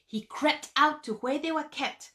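A woman storyteller narrating a folk tale in an animated way, with sound effects and vivid emphasis. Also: high voice, a little slow.

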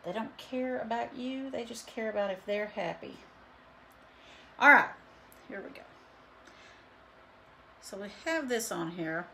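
A woman's voice: on the high side, unhurried, gravelly, pauses often, pushed and bright, a little hiss or hum. A woman chatting casually through a live painting demo, rambling with lots of fillers. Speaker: painting instructor and studio owner. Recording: roomy echo.

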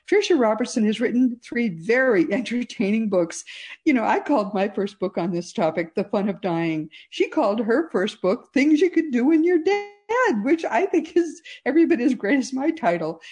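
A woman's voice: on the high side, a little mellow, slightly rough. A woman from Massachusetts with a neutral American accent, hosting a radio talk show with enthusiastic, chatty delivery. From Massachusetts, USA. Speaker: host.

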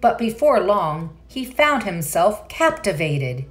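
A woman's voice: medium pitch, very animated, takes it slowly, soft background music. A woman reading a children's picture book aloud, with enthusiastic asides to young listeners. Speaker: read-aloud narrator.

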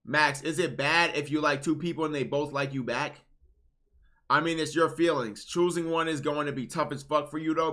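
A man streaming casual reaction commentary, blunt, swinging between low muttering and loud outbursts.

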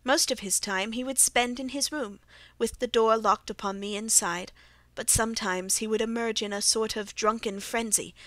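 A woman reads a classic mystery audiobook aloud in a measured, even manner. Her voice sits a little high, and the recording is dry and close with no room sound. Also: no room sound. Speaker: audiobook reader. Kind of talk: scripted narration.

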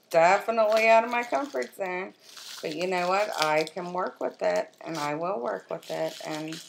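A woman vlogging at home as she unboxes a makeup swap, gushing and excitable as she talks to her viewers and her friend. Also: lowish voice, vocal fry, slight background noise. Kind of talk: casual unboxing chat. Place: at home, with her children nearby.

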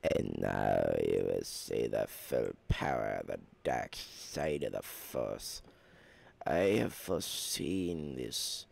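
A man voicing a menacing old male sci-fi emperor in a deep gravelly growl, reading game notes in that voice. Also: lively intonation, slow, darkish tone, no room sound, heavily acted.

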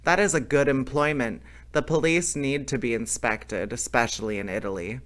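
A man's voice: mid-range voice, normal speed, fairly bright tone, natural voice. A man doing Victor, a genial polite bandit. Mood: earnest. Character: cheerful, polite male bandit. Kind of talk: storybook reading aloud.

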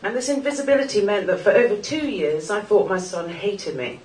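A woman's voice: medium pitch, expressive, fairly quick, darkish tone. Woman speaker, 40s, wry and earnest live talk, echoey room, heard from a distance. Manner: wry, earnest, laughs at her own jokes. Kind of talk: personal talk to a live audience. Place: small club venue in front of an audience. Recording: echoey room, distant mic, faint noise.

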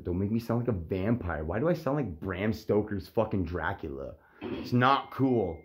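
Low slow-talking guy filming himself in a motel room, cussing and goofing around. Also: expressive. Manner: joking, profane, rambling. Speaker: vlogger. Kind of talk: casual chat to camera.

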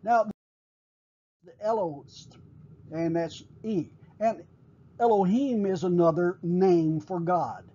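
A man teaching a recorded class, explaining at a measured pace with frequent pauses and fillers. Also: high-pitched, warm tone, muffled recording, a little hiss or hum.

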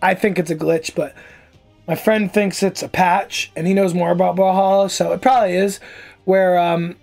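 A man mutters and rants through casual gameplay commentary, his voice gravelly. He trash-talks his opponent freely and gets annoyed fast. Soft game music plays in the background. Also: high voice, little pitch movement. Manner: profane, trash-talking, easily annoyed. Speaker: gaming streamer.

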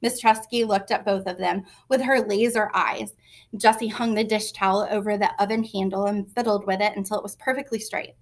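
A woman reading a children's novel aloud in a lively, expressive way. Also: medium pitch, normal speed. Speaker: reader. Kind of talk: storybook narration.

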